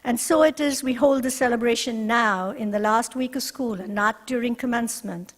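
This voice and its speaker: A woman directing a university resource center, giving an earnest, measured ceremony speech with deliberate pauses. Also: a little high, long reverb tail. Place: ceremony hall.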